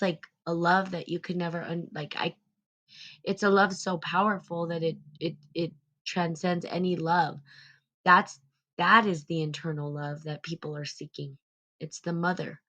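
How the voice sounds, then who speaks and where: A woman with a low, deep-set voice hosts a relaxed spiritual live stream. She muses gently and rambles, with plenty of fillers and restarts as she thinks aloud.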